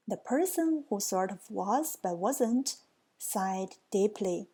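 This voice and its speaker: A woman's voice: medium pitch, expressive, slow, warm tone, slightly rough. A woman reading a children's picture book aloud, with playful, teasing asides to her listeners. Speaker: storybook reader.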